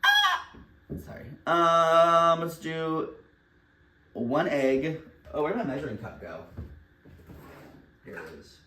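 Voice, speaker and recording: Baking at home while he vlogs, a young man talks candidly and rambles, laughing often and cursing casually. His voice is fairly high with lively intonation, pushed and bright, and he speaks slowly with long pauses. It's recorded indoors in his kitchen, in an echoey room on a distant mic.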